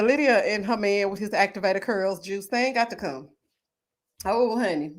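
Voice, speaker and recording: A woman hosting a casual live recap stream, reading viewer comments, sassy and quick to laugh, full of drawn-out "oh, honey" and "child" asides. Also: medium pitch, lively intonation. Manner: southern US slang such as finna, y'all, child. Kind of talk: casual reality-TV recap chat.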